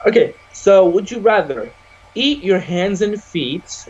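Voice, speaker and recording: A young man co-hosting a casual podcast over a video call, loud and slangy, swearing and laughing often. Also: high-pitched, expressive, takes it slowly, slightly rough, lo-fi sound. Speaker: podcast co-host.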